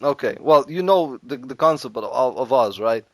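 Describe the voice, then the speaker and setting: A man's voice: medium pitch, animated, moderate pace, dry recording. A man chatting casually, rambling through a comic story and laughing often. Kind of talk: casual comedic chat.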